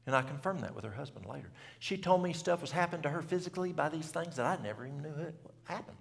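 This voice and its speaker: A man's voice: fairly high pitch, animated, fast talker, vocal fry, in a large hall. A man, telling a story in a folksy, country way at a church event and asking the audience questions. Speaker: health speaker. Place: church hall.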